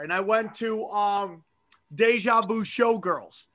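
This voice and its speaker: A man's voice: high-pitched, takes it slowly. A middle-aged man, a podcast host and comedian, telling rambling, profane stories in casual chat. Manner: profane, animated storytelling. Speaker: podcast host and stand-up comic.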